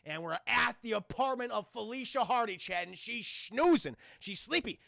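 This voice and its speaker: A man recounting a cartoon episode to his live chat in a casual, animated, profane way. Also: very high voice, moderate pace, gravelly, no room sound, studio quality. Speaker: streamer and reviewer.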